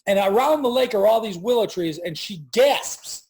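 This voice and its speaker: A man's voice: high voice, moderate pace. A man in his forties, an entrepreneur guest telling a story in a casual interview from his farm, acting out the voices of people he quotes. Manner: animated storyteller who acts out quoted voices.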